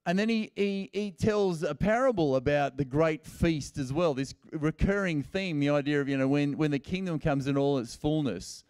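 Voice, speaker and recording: Casual-talking male pastor, clear dry voice. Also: on the high side, moderate pace, few pauses, a little mellow, no echo. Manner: casual and storytelling, acting out quoted lines in everyday speech. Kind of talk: conversational sermon. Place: church service.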